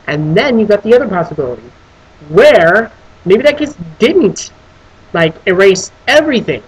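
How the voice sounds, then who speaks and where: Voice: mid-range voice, normal speed, husky, poor audio. A film reviewer on a casual video who rants with lots of swearing and restarts. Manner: animated, profane ranting with many restarts; breaks into voicing characters.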